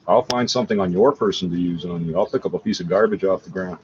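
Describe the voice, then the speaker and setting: Man, low voice, agitated, swearing, rambling radio rant, dull lo-fi sound. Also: quick pace, noisy background. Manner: agitated, swearing, laughing between points. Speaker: internet radio host. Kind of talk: profane rambling monologue. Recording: dull lo-fi recording.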